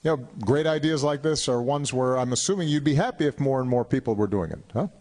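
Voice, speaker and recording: A man in his fifties talks to an audience at a town hall in a big hall. He speaks slowly and with care, pausing and repeating words while he works through an answer. His pitch sits in an ordinary middle range. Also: a little mellow. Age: 50s. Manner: halting, measured, repeats words while thinking.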